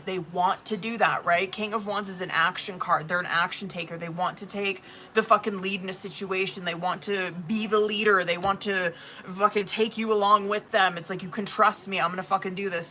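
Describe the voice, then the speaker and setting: Woman doing a live tarot stream, bright voice, swears a lot, blunt and expressive, faint background hum. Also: mid-range voice. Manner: blunt, swears often, talks straight to the viewer; expressive, talks through cards as she draws them. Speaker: tarot reader.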